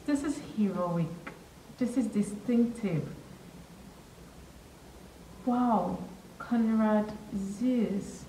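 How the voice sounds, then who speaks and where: A woman's voice: mid-range voice, very slow, long pauses, recorded from a distance, slight background noise. Gushing woman reacting in an echoey room. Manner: excitable, gushing exclamations; earnest, emotional musing. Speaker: reaction video host. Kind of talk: reaction video commentary. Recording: echoey room, voice a bit off-mic, faint music.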